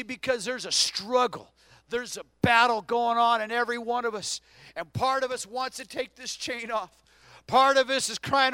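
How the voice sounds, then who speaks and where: A male pastor preaching a sermon in a church, swinging from hushed murmurs to loud, impassioned cries. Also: extremely high pitch, dry recording. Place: church stage.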